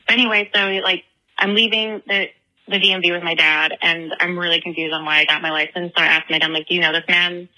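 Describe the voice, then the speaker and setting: A woman's voice: lowish voice, fairly even intonation, fast, bright, forceful tone, poor audio. A young woman from the Chicago area leaving a rambling voicemail, telling a story with frequent giggles. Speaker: voicemail caller. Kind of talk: voicemail anecdote.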